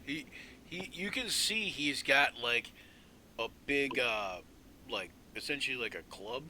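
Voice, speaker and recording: Man narrating a game, halting and bright. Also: mid-range voice, expressive, a little hiss or hum, low-quality recording. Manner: halting, lots of fillers. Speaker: game master.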